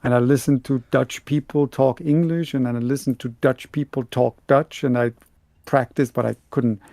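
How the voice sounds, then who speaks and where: Bavarian German man, mid pitch, dry close mic, stop-start casual talk, lots of restarts. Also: steady tone, gravelly, a little mellow, dry recording. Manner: halting, many restarts and repeated words. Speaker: podcast co-host and audiobook narrator. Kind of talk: casual chat.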